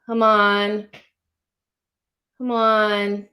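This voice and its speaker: A woman hosting a live football watchalong, chatting casually and shouting with excitement when her team does well. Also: medium pitch, extremely slow. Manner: excitable, shouts at big moments, swears casually. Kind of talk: live match commentary with viewers.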